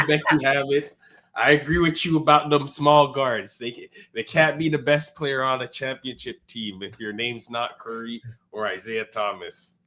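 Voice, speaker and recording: A man's voice: mid-range voice, normal speed, bright, forceful tone, a little hiss or hum. A man chatting as a podcast guest in a laid-back way, mostly adding brief interjections. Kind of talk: casual chat.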